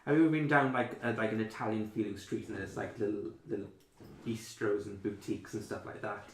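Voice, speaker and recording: A man's voice: fairly low pitch, steady tone, fairly quick, slight background noise. Rambling young man running a tabletop game. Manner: rambling, filler-heavy describing. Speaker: dungeon master. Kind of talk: casual narration of a tabletop game. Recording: roomy echo.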